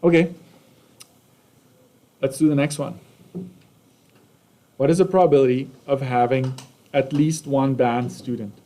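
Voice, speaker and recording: A man's voice: medium pitch, steady tone, unhurried, long pauses, dark tone, a little hiss or hum. A man with a Canadian accent teaching a math lesson casually, often checking in with "right?" and "okay?".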